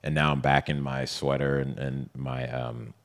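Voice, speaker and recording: A man's voice: rumbling low, normal speed. A man in a casual interview, telling his story animatedly and acting out what others said. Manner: animated, retells scenes with quoted voices. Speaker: interview guest.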